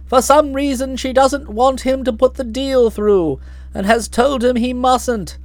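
A woman's voice: high voice, unhurried, no echo. A woman reading an audiobook, voicing a blustering, hearty middle-aged aunt who talks in bluff, slangy outbursts. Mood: grumbling. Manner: bluff, hot-tempered, slangy.

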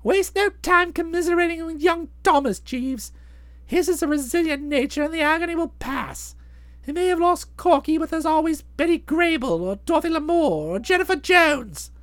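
A woman voicing a chatty, self-satisfied young gentleman in a bouncy, wordy way. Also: very high-pitched, animated, moderate pace, no echo. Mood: startled. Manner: bouncy, wordy, fond of flowery phrases. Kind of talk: audiobook drama, narrating and voicing the hero.

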